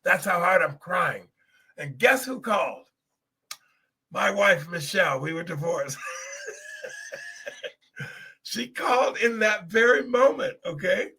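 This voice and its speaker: A man's voice: sits high, animated, takes it slowly, pauses often, pushed and bright, slightly rough. A middle-aged man hosting a podcast, telling a personal testimony in an earnest, emotional way and speaking straight to his listeners. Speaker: podcast host.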